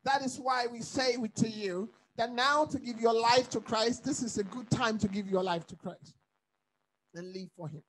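A man's voice: very high voice, normal speed, fairly bright tone, rough recording. A man from Africa, a pastor leading a bible study, preaching emphatically with repeated phrases and questions to his listeners.

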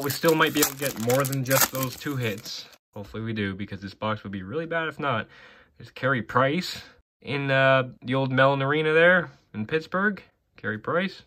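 Bright-voiced man reading off hockey cards. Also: medium pitch. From Canada. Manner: reads names off cards in a running list with offhand asides. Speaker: card collector opening packs. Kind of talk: casual box-break commentary.

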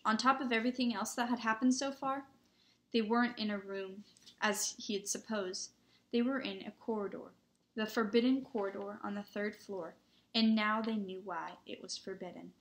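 Woman reading a story aloud, medium pitch. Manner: expressive, dramatic. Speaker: audiobook reader. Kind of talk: storybook read-aloud narration.

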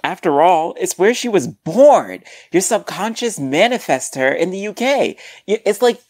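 A woman's voice: lowish voice, very animated, measured pace, darkish tone, husky, dry recording, full character voice. A woman voicing a crude, boastful young man in a scripted comedy podcast. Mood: bossy.

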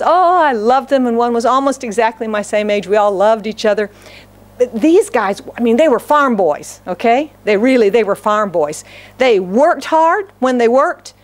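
A middle-aged American woman pastor preaching a sermon in a church, telling a story with frequent laughter and acted-out quotes. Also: a little high. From United States.

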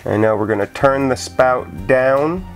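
A man giving a casual how-to demonstration of home winemaking at home, explaining each step in a relaxed, chatty way with occasional fillers. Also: mid-range voice, a little slow, faint music behind. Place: indoors at home.

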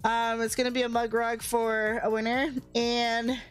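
A woman's voice: on the high side, completely flat delivery, measured pace, clean tone, faint music behind. A young woman streamer, out of breath, greeting her chat with effusive, bubbly energy. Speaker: variety streamer.

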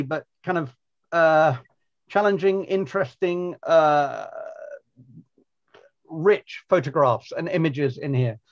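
Brief: polite male moderator, hesitant with fillers, slightly dull video-call sound. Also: fairly high pitch. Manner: hesitant, polite, full of ums. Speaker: event chair. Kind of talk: moderating an online book talk.

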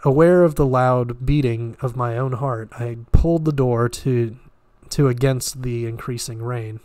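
A man reading a novel aloud at a steady pace, now and then stumbling and restarting words. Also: medium pitch, a little slow, no room sound. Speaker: audiobook reader.

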